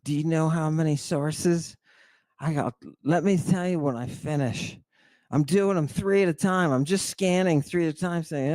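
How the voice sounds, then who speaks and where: A man's voice: a little high, moderate pace, darkish tone, no room sound. A man giving a livestream lecture on ancient texts, theatrical and exclamatory, addressing his listeners as a congregation.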